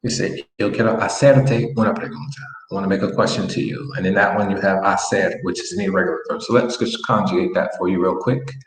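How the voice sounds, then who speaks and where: Low-voiced man teaching Spanish, echoey room. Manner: relaxed, repeats phrases slowly while writing on a board. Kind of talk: online language lesson. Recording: echoey room with faint noise.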